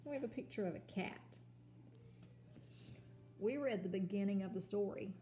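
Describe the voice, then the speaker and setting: A woman teaching a kindergarten home lesson on video, sounding out letters and words slowly and patiently. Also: medium pitch, warm tone, echoey room, muffled recording. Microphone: phone or camera.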